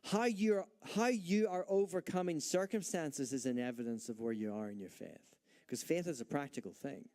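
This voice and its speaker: Male pastor, sermon delivery, emphatic with rhetorical questions, slightly higher voice. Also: normal speed, mellow. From Northern Ireland. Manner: emphatic preaching with rhetorical questions and acted-out doubts.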